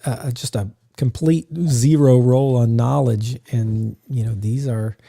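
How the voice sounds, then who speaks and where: A man co-hosting a podcast about game mastering, talking in a relaxed, musing way with lots of "uh" fillers, close to the mic. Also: mid-range voice, a little slow, creaky. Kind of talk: casual podcast chat.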